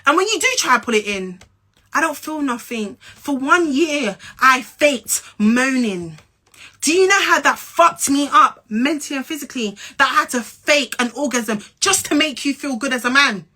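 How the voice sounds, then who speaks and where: A woman's voice: sits high, lively intonation, moderate pace, pushed and bright. Blunt, profane young woman from Essex. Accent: London and Essex English. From England. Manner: blunt, profane and confrontational, repeating lines for emphasis. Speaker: social media personality. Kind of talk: angry direct-to-camera rant.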